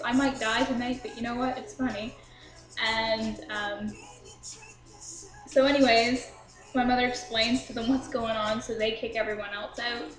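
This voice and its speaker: A woman's voice: fairly high pitch, a bit bright, reverberant, low-quality recording. A young woman casually telling a drunk story to her viewers, chatty and swearing freely, laughing at herself. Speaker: vlogger.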